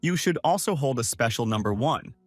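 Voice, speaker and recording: A man voicing an arrogant, hot-headed young bully who shouts contemptuously. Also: medium pitch, animated, fairly quick, no echo, soft background music, lightly acted. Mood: angry.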